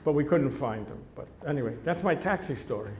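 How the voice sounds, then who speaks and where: A man's voice: on the high side, lively intonation, brisk, crowd noise. Blunt man telling stories, echoey room. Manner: blunt, profane storytelling. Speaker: interview guest. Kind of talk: onstage conversation. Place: live event before an audience.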